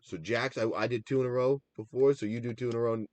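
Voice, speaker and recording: A man's voice: mid-range voice, fairly even intonation, quick pace, a little mellow, dry recording. A man co-hosting a casual recap show, chatting about his picks in a rambling, enthusiastic way and drifting into tangents. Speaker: podcast co-host.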